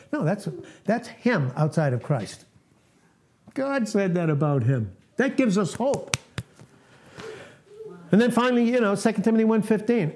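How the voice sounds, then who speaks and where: A man's voice: on the high side, warm tone, a little hiss or hum. A man in his late sixties preaching an informal, earnest sermon to a small fellowship, often laughing at himself. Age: 60s.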